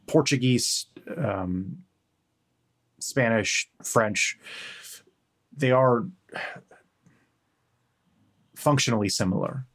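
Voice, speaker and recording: A deep-pitched man with a Western American accent talks loosely on a podcast. He wanders through his points with plenty of ums and swearing. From United States. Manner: rambling, full of fillers and profanity. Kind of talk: casual chat.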